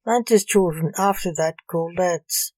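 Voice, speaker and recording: A woman reading a comic story aloud in a measured, gently expressive way. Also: on the low side, dry recording, poor audio.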